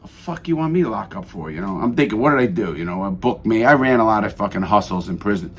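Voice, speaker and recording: Middle-aged guy cursing his way thru a story on the radio, super animated. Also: fairly low pitch, quick pace, breathy edge. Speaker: guest.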